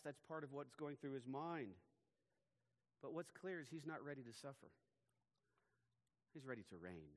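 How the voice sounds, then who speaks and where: A pastor preaching a sermon, earnest and emphatic. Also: male voice, medium pitch, animated, normal speed, pauses often. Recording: long hall reverb.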